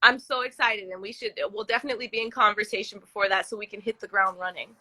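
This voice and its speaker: A woman's voice: mid-range voice, fairly even intonation, quick pace, sharp tone. A woman chatting as a guest over a video call from her bed, enthusiastic and affectionate. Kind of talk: casual live chat. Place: in bed at home.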